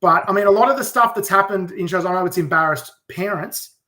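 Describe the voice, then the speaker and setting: A young man who works as a wildlife demonstrator, telling lively stories in a casual podcast chat. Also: high-pitched, fairly quick. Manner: lively anecdotes with frequent laughs.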